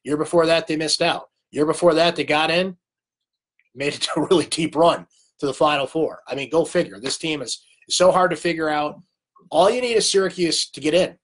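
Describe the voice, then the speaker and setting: A man's voice: on the high side, fairly quick, fairly bright tone. Man with a cold chatting sports. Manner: conversational, answers viewer comments by name. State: has a cold. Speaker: sports talk host. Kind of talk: live sports recap chat.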